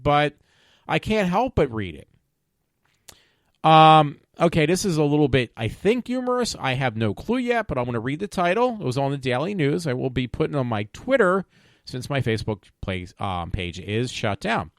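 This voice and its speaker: A man's voice: a little high, sing-song, moderate pace, no room sound, clean studio sound. A man hosting his own show, reading news stories aloud and commenting on them, stumbling over words and swearing along the way. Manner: profane and opinionated. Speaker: podcast host.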